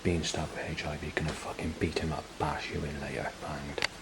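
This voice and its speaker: A man talks through a personal log in a deep, low voice, rambling and hesitant. He records indoors, and a steady hiss of ambient noise sits under the whole recording. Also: brisk. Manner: rambling, hesitant, dotted with fillers. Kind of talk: spoken log. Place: indoors in a building.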